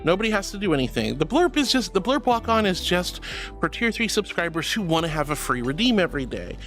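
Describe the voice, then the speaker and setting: A woman's voice: on the low side, big pitch swings, fast, soft background music. A woman streamer chatting casually with viewers and reading out their messages, bubbly and affectionate, with playful giggles. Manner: bubbly and affectionate, calls viewers sweetheart and honey; playful, with frequent giggles and squeals. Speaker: VTuber streamer.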